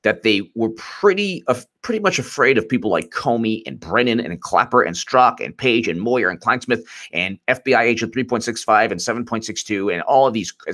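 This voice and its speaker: A man's voice: mid-range voice, a bit bright. A man hosting a live-streamed political commentary show, rambling and mocking as he laughs often.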